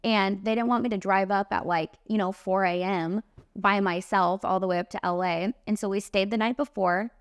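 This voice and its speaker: Smooth-voiced young woman telling a story. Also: mid-range voice, normal speed, no echo, studio quality. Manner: animated, emphatic storytelling with lots of "like" and "literally". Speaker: podcast host and makeup artist. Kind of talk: casual storytelling monologue.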